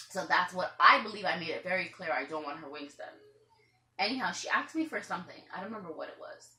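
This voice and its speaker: A woman's voice: on the low side, animated, fast talker, bright, forceful tone, roomy sound. A woman parrot owner telling a long story to the camera at home, chatty and rambling, sometimes acting out what others said. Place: room at home with pet birds.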